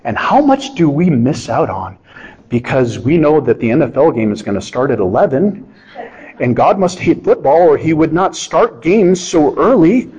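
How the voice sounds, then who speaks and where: A middle-aged man preaching a sermon in a conversational, animated way with touches of self-deprecating humor. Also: on the high side, moderate pace, husky, muffled recording. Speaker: pastor.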